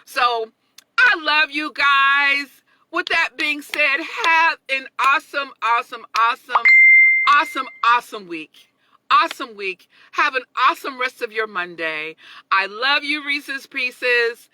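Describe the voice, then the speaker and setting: A woman in her thirties, hosting a casual motivational talk, chatty and expressive, laughing often and greeting viewers by name. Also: high-pitched, unhurried, noisy background. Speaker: motivational livestream host.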